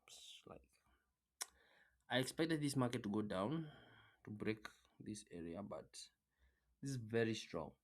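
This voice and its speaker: A man's voice: on the low side, animated, normal speed. A man delivering a casual, repetitive motivational rant about trading, blunt and full of swearing. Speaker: trading content creator.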